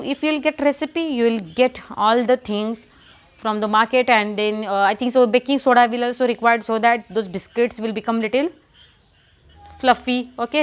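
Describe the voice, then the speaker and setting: This is a Marathi-accented woman teaching a class, her voice a little high. She keeps repeating her questions and spells words letter by letter.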